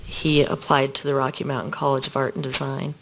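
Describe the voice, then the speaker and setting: Male witness in court; soft, hesitant testimony, average pitch. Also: flat delivery, creaky, slight background noise, low-quality recording. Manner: soft-spoken, halting, with small restarts.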